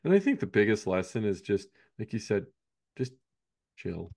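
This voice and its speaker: A man's voice: on the low side, big pitch swings, moderate pace, gravelly, darkish tone, slightly rough. A man, a basketball coach, chatting casually on a podcast, rambling and often ending points with "right?".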